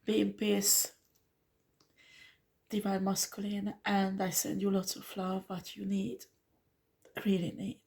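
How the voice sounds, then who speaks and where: A woman's voice: mid-range voice, little pitch movement, slow, creaky, pauses often, darkish tone. A woman giving an earnest, pleading tarot reading to the listener, calling them honey. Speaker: tarot reader. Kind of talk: spiritual tarot reading monologue.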